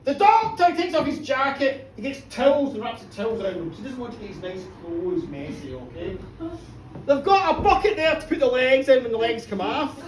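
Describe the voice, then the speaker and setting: Animated storyteller in a pub. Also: medium pitch, fairly quick, slight background noise. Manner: animated, teasing the audience, acting out voices. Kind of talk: live comic horror storytelling. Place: pub, live audience. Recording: echoey pub room, distant mic.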